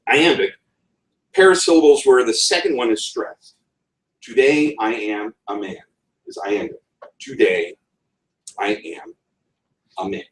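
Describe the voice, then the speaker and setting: A man gives a talk on writing at a conference, his pitch rising and falling a lot as he slips in wry asides. He sounds roomy and set back from the mic, like a speaker heard across a meeting room. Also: recorded from a distance. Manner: wry asides, talks with a chuckle. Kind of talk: presentation on writing.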